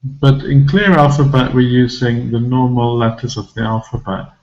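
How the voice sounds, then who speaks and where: A man teaching English pronunciation to a class, explaining slowly and patiently, repeating example words and asking the learners questions. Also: mid-range voice, fairly even intonation, a little mellow, lo-fi sound.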